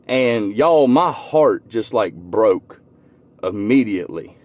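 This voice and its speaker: A man's voice: medium pitch, expressive, measured pace, no room sound. A man, telling a heartfelt personal story in a folksy, earnest way from inside his car. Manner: earnest, folksy, grows quiet and emotional. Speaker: vlogger.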